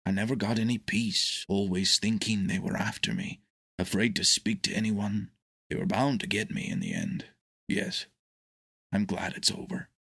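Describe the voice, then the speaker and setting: A weary hermit, resigned and downcast, as a man reads him aloud. He talks slowly and quietly, a little lower than the reader's own voice, with a husky edge. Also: sing-song, no echo, studio quality, exaggerated voice. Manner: slow, resigned and low.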